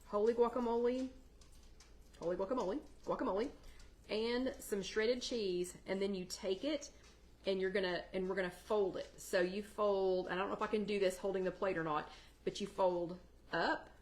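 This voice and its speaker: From her home kitchen, a woman hosting a live weight-loss chat casually walks viewers through a recipe on a livestream, answering their comments by name. She speaks at a moderate pace in a steady, medium-pitched voice.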